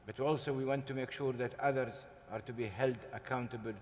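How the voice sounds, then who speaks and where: A man speaking on a forum panel, deliberate and emphatic, pausing often with hesitations. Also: mid-range voice, fairly even intonation, slight background noise. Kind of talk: panel discussion. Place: large conference hall. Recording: hall reverb, faint ambience.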